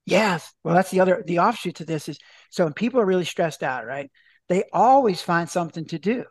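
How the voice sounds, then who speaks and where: A man who is a doctor and author answers podcast interview questions in a high-pitched, expressive voice at a fairly quick pace. He's chatty, full of restarts, and acts out bits of dialogue. There's no room sound.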